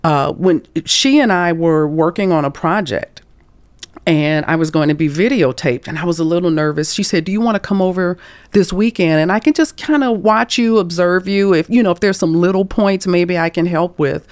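A woman in her fifties from St. Louis speaks on the low side in a dry, close recording. She is a career coach telling stories as an interview guest. She acts out the voices of people she quotes, with chuckles. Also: normal speed, no room sound. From St. Louis, USA. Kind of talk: storytelling interview talk.

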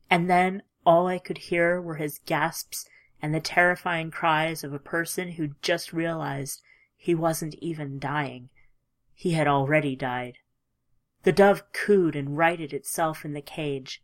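A woman reading a first-person story aloud in a measured, emotive way, dropping at times to a hush. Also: sits low, steady tone. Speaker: audiobook narrator. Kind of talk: scripted audiobook narration.

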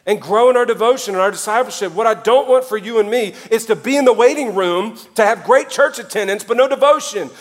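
A male pastor preaching a sermon, animated, with sudden drops to quiet and jokey asides in put-on voices. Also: high-pitched, fast, few pauses.

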